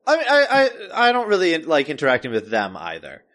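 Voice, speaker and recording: A man co-hosting a podcast chats casually and quickly, often hesitating, restarting sentences and leaning on fillers. His humor is dry and deadpan, while his pitch swings up and down a lot.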